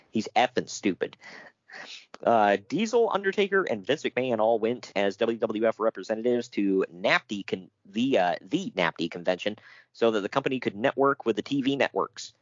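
A man's voice: lowish voice, expressive, moderate pace, no echo, highs cut off. A man co-hosting a casual chat, reading out notes with jokes and frequent laughter. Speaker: podcast co-host.

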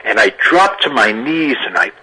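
An older man, an actor, telling lively anecdotes in an interview, often laughing and restarting his sentences. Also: medium pitch, moderate pace, a little hiss or hum, rough recording. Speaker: actor guest. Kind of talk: interview storytelling.

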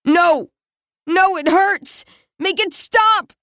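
A woman's voice: takes it slowly, a little mellow, dry recording, clean studio sound. Woman voicing a sobbing wounded teen boy. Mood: pleading, sobbing. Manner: sobbing, high and strained. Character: badly wounded teenage boy, sobbing and pleading.

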